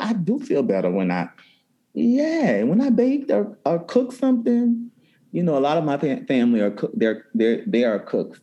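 A man who works as a therapist, from New Orleans, talking in an interview in an animated way with many restarts. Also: medium pitch, highs cut off. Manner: warm, animated storytelling with frequent restarts. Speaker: therapist and cookbook author. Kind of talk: interview conversation.

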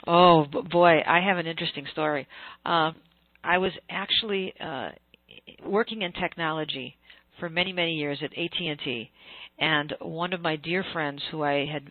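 An American woman who works as a celebrant, telling a story with lively emphasis and frequent fillers over a phone-like line. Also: low-pitched, normal speed, no room sound. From United States. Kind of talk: storytelling in a casual interview. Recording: tinny phone-like line, dry.

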